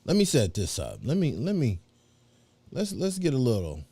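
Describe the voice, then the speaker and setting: A man's voice: medium pitch, huge pitch swings, normal speed, mellow, husky. A middle-aged man hosting a live show, chatting in a rambling, slangy way with lots of fillers. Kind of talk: casual livestream chat.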